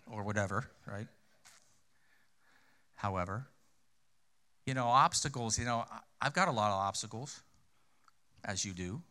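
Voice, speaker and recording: A man's voice: on the low side, a little slow, pauses often, pushed and bright. A male pastor preaching a sermon in a conversational way, asking rhetorical questions and repeating key phrases for emphasis.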